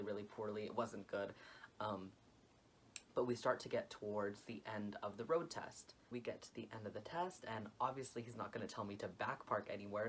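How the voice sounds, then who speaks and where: A young man vlogging a dramatic storytime, expressive and full of "like" fillers. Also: lowish voice, a little hiss or hum. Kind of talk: storytime vlog.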